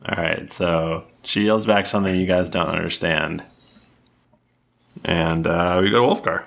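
A man acting as game master for a tabletop role-playing session, explaining rules and moves in a relaxed, casual way. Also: low-pitched, a little slow, creaky.

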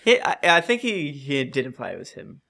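Casting: playful woman podcast co-host, bouncy animated delivery, reads reviews with put-on voices. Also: extremely low pitch, brisk, creaky. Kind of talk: casual podcast chat.

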